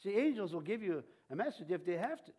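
Rambling, halting male pastor preaching. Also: high-pitched, very animated, mellow, husky. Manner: rambling, halting delivery with many restarts and fillers. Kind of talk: sermon.

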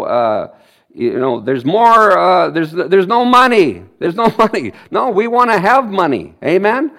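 High-voiced man preaching a sermon. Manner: energetic preaching, quotes scripture with emphasis.

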